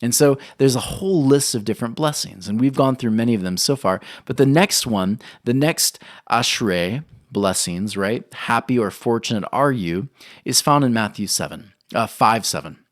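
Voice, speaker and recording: A man preaching a sermon as pastor, telling a personal story in an animated, conversational way. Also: moderate pace, no echo, clean studio sound. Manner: animated storytelling, acting out scenes with rising pitch. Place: church or studio recording.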